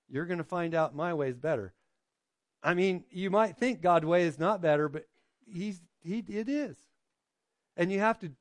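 A man with a high-pitched voice delivers a conversational sermon, recorded dry with little room sound. He keeps checking in with his listeners and slips into quoted voices as he goes. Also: dry recording. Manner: conversational preaching, frequent "right?" checks with the congregation. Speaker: pastor.

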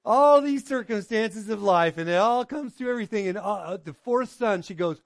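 High-voiced man preaching conversationally. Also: lively intonation, moderate pace, few pauses, no echo. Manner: conversational preaching, frequent "right?" checks with the congregation; acts out quoted voices with drops in pitch. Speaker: pastor. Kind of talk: sermon.

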